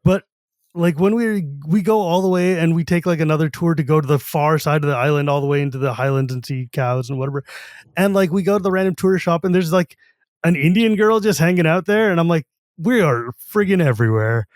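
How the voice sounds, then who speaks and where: A man's voice: on the high side, fast, a little mellow, dry recording. Joking podcast host, man, dry sound. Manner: laughs often, joking, says "like" a lot. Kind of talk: casual chat.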